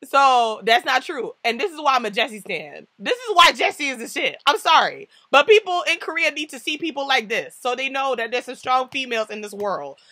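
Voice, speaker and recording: A young woman from the New York–New Jersey area reviewing a TV show in a casual vlog, slangy and animated, often laughing and acting out what others said. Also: sits high, brisk, hardly any pauses, dry recording, clean studio sound. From New York–New Jersey tri-state area.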